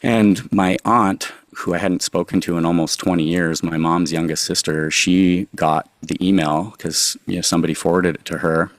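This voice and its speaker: A man being interviewed about his past, telling it in an earnest, halting, confessional way. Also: low voice, fairly even intonation, no room sound. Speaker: guest, drug recovery consultant. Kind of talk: candid personal storytelling.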